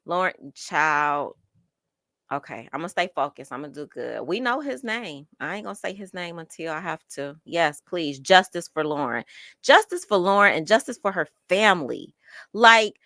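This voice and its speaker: A woman speaking hosts a casual livestream, reading out chat messages and reacting in a lively, slangy way. Her voice is bright and forward, and the recording is dry and close to the mic with no room sound. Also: mid-range voice, no echo. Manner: animated and chatty, slangy.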